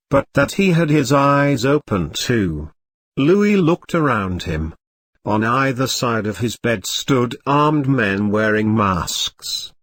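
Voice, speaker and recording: A man narrates a classic adventure novel aloud, taking his time over each sentence. His pitch rises and falls expressively as he tells the story, giving the characters light shifts of voice. The sound is dry, with no room around it. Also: no room sound. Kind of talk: audiobook reading of a classic novel.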